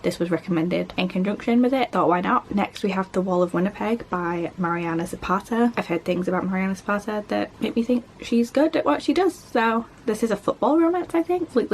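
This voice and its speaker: A woman chatting casually as a book vlogger, rambling quickly and poking fun at herself. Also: lowish voice, gravelly, a little hiss or hum. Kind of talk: casual chat.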